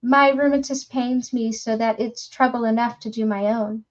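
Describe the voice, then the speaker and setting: A woman voicing an older widow who speaks softly and haltingly, frightened. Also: fairly high pitch, steady tone, muffled recording, close to an everyday voice. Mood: timid fearful. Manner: soft, halting.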